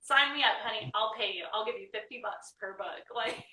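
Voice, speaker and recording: Chatty bright-voiced woman in an echoey room. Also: mid-range voice, brisk. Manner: chatty, laughs often, says "right?" a lot. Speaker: guest. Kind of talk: casual interview chat. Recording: echoey room, mic at a distance, faint noise.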